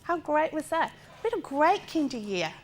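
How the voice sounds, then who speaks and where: A fairly high-voiced middle-aged woman speaks to a class as the parent of a disabled child. She is blunt and lively, asks pointed rhetorical questions and slips into the voices of the people she describes. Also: normal speed. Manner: direct and forthright, with rhetorical questions; animated, acting out other people's lines. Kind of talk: lecture talk drawn from personal experience.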